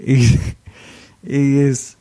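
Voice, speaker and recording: A man's voice: mid-range voice, little pitch movement, extremely slow, warm tone, dry recording. A man hosting a casual football podcast, steering the talk with dry, teasing banter. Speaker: podcast host.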